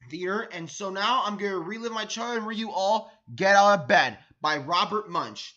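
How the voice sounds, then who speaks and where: A man's voice: sits high, normal speed, bright, forceful tone, muffled recording. A man reading a children's storybook aloud as a read-along host, enthusiastic, often stumbling over and repeating words.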